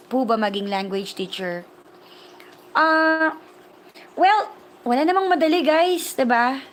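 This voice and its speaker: A woman from the Philippines with a Filipino accent, hosting a chatty livestream as a language teacher. She has a fairly high voice and mixes English with Tagalog as she answers viewers. A faint hum of noise sits under her voice. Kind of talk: livestream chat reading viewer comments.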